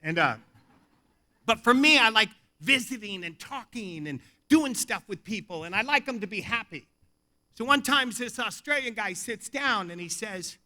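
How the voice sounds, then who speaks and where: A man tells humorous recovery stories at a convention in a casual, profane way, acting out each conversation. His voice is high and very bright, and it leaps around in pitch. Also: moderate pace. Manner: animated, casual, swears, acts out dialogue. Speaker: AA convention speaker. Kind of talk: humorous recovery talk, storytelling. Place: hotel convention hall.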